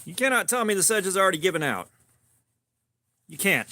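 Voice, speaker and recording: A man's voice: high voice, sing-song, sharp tone, slight background noise. A man hosting a casual livestream, joking and rambling as he answers viewer comments. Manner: joking, rambling, quick asides. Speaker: livestream host. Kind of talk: casual live chat reading comments.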